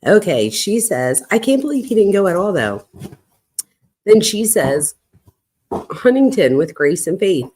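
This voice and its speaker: A woman's voice: mid-range voice, unhurried, pauses often, a little hiss or hum. A woman hosting a true crime channel, casually reading a string of text messages aloud at home and stopping now and then to settle her dog. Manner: reads texts flatly, breaks off to calm her barking dog. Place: home, at night.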